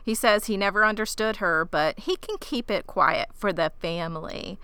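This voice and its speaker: A woman's voice: medium pitch, normal speed, sharp tone, clean tone, no room sound. A woman co-hosting a casual podcast, recapping a TV episode with blunt jokes. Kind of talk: casual chat.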